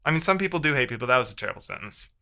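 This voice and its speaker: A man's voice: medium pitch, big pitch swings, very fast, vocal fry, pushed and bright. A man rambling in casual livestream chat with his viewers, frustrated and often correcting himself.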